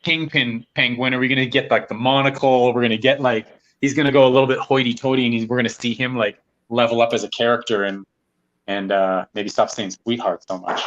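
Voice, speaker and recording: A man muses aloud about a film, asking loose questions as he goes. His voice sits at an ordinary pitch. His audio sounds dull and muffled, like a lo-fi connection. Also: fairly even intonation, brisk, fairly bright tone. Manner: musing, questioning. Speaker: podcast guest. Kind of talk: casual movie discussion.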